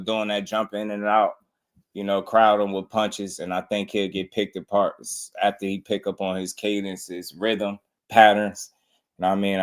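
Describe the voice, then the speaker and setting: Laid-back man hosting boxing talk. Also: lowish voice. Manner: laid-back slangy, laughs often. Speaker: boxing show host. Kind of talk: casual commentary.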